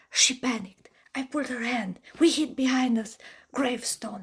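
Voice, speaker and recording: A woman telling a spooky story for a vlog, dramatic and often dropping to a hushed whisper. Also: a little high, moderate pace, slightly rough.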